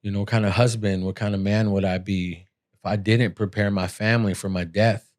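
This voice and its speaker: A man's voice: on the low side, steady tone, brisk, darkish tone. A middle-aged man hosting a podcast, telling his own story in a candid, earnest, blunt and emotional way. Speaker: podcast host.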